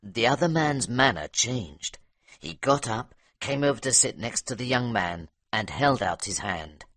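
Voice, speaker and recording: Expressive male audiobook narrator. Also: mid-range voice, unhurried, no echo.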